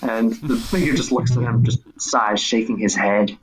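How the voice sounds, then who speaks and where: A man narrating a tabletop game as game master, animated, with frequent restarts. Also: medium pitch, moderate pace, crowd noise, rough recording. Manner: animated storytelling with restarts and laughs.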